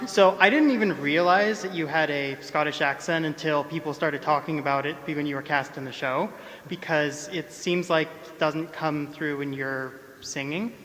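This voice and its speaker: A man's higher, bright voice asks a rambling question from the audience floor, losing the thread as he goes. The hall adds a long reverb, and faint noise sits beneath. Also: normal speed. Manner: nervous, rambling, trails off. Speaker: fan asking a question.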